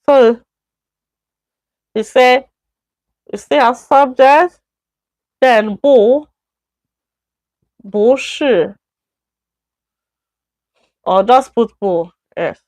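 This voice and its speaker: Slow, careful Nigerian woman teaching. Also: a little high, darkish tone, dry recording, studio quality. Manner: slow, repeats words, self-corrects. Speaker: Chinese teacher. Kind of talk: live-stream language lesson.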